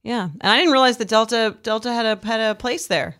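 A woman's voice: a little high, a little fast, a bit bright. A woman with a Long Island accent co-hosting a podcast, telling stories in casual chat with lots of fillers. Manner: chatty storytelling with many fillers. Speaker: podcast co-host.

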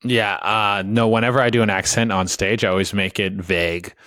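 A man's voice: on the low side, steady tone, brisk, pushed and bright, dry recording. A man comedian co-hosting a podcast, joking crudely in a laid-back way. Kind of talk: casual podcast chat.

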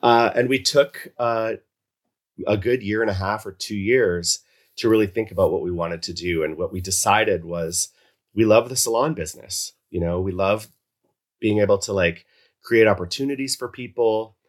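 A man who co-owns a salon, speaking in a measured way as an interview guest. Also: lowish voice. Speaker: colorist and salon co-owner. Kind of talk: conversational interview answers.

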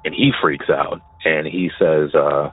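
A man casually telling a personal story, halting and often repeating his words as he goes. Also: rumbling low, fairly even intonation, slightly rough. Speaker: caller sharing a personal story. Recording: tinny phone line, dry.

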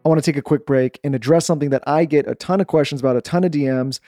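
A man hosting a podcast, reading a sponsor ad in a steady, quick delivery. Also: a little high, soft background music. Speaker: podcast host. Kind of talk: host-read ad.

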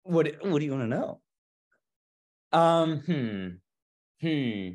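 Brief: young male actor guest, lively storyteller, voice swings widely, stammers into stories. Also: a little high, slow pace. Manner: animated storyteller, stammers and restarts. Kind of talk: casual interview chat.

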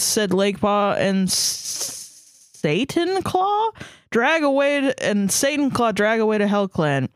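Woman, podcast co-host, slow deliberate read-aloud, dramatic, giggly, dry close sound. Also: mid-range voice, sing-song, no echo. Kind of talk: reading fan fiction aloud, comic chat.

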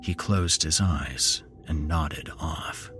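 A man narrating a horror story in a slow, measured storytelling manner as podcast host. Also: a bass voice, a bit bright, soft background music.

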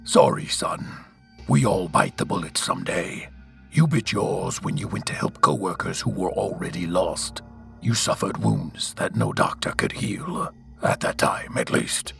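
A man voicing a grave, weary older male captain in an audio story, speaking deep, slow and half-whispered. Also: animated, vocal fry, a bit bright, faint music behind, heavily acted.

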